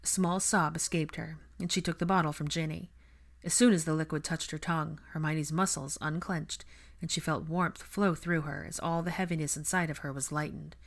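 A woman narrating a fan fiction story in a steady, measured reading. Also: sits low.

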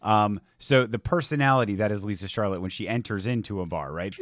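A man's voice: fairly low pitch, a little fast, a bit bright, no room sound, studio quality. A man hosting a podcast, chatting casually in a playful, teasing way, with some swearing. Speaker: podcast host.

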